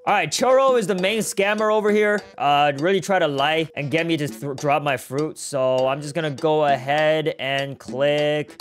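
A man's voice: on the high side, sing-song, normal speed, soft background music. A young man giving playful gameplay commentary, laughing often and teasing other players. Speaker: gaming YouTuber.

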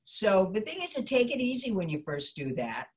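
An animated middle-aged woman explains how to build character voices. She keeps breaking into short demo voices between her explanations, at an everyday middle pitch. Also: moderate pace. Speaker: voice acting teacher.

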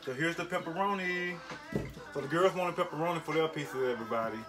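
A man's voice: fairly high pitch, quick pace. Easygoing dad cooking with his kids. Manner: patient, coaxing, directs the kids. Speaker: father cooking with his daughters. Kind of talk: casual cooking vlog chat. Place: home kitchen. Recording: voice from a distance over loud music.

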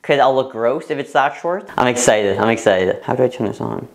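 A young man vlogging casually to the camera in a bathroom. His nervous, excitable chatter breaks into squeals and laughter. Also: mid-range voice, a little fast, gravelly. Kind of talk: casual vlog talking to camera. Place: parents' bathroom, indoors.

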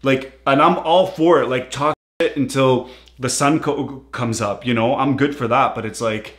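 A man's voice: mid-range voice, steady tone, moderate pace, a bit bright. Young man, casual reaction commentary, slangy, echoey room. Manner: casual, slangy, frequent hesitations. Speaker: reaction channel host.

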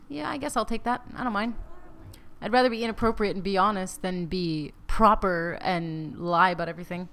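A woman's voice: mid-range voice, clear, resonant tone. A woman hosting a Let's Play, giving casual, rambling and candid gameplay commentary aimed at her viewers.

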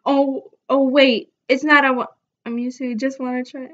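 A woman's voice: sits high, little pitch movement, normal speed, muffled recording. A young woman vlogging casually, giggling often as she reads her text messages aloud. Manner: giggly, laughs often while reading texts aloud. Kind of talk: casual vlog narration.

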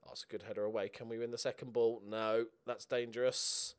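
A man giving casual, excitable commentary while he plays a football management game at home, swearing and cheering at the match. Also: medium pitch, brisk, clean tone. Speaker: gaming YouTuber. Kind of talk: casual let's-play commentary.

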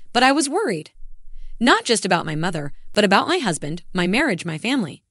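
A woman's voice: mid-range voice, big pitch swings, brisk, a bit bright, dry recording, studio quality. A woman telling a story in the first person, with scripted, earnest and emotional narration.

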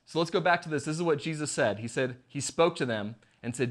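A man's voice: medium pitch, a little fast, few pauses, a bit bright. A man preaching a casual online sermon as pastor, conversational and jokey, acting out the lines he quotes.

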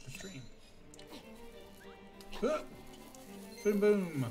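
A man's voice: sits high, very animated, extremely slow, mellow, faint music behind. A young man live-streaming a video game, chatting playfully, humming tunes and swearing at the game. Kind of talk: casual live-stream chat.

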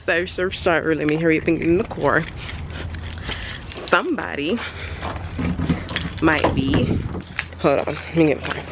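A woman's voice: low voice, expressive, normal speed, long pauses. Rambling chatty woman in an echoey room. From Florida. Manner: rambling, chatty, often restarts and corrects herself. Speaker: vlogger. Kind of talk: casual vlog chat. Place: her home. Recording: echoey room with faint noise.

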